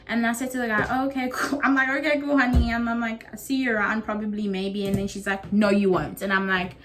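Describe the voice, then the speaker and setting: A woman's voice: fairly quick, background noise. A young woman from South Africa with a South African accent, telling a story casually to camera and acting out what others said. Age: young adult. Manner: animated, acts out quotes with big pitch jumps. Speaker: YouTuber.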